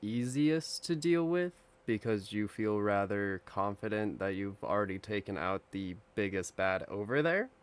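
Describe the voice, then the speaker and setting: A man running a tabletop game as dungeon master, giving measured rulings. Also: fairly low pitch, lively intonation, clean tone.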